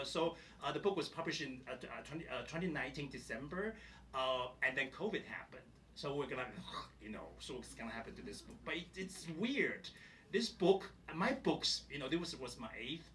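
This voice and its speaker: A man, an author at a reading event, telling an animated, laughing story and reading a passage aloud. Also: medium pitch. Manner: animated, acts out quoted voices with laughter. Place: event hall. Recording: distant mic with faint room noise.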